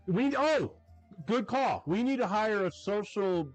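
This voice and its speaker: A man's voice: sits high, expressive, a little slow, soft background music, low-quality recording. A man producing and co-hosting a live stream, joking wryly, with some swearing. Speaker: producer and co-host. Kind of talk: casual chat on a live stream.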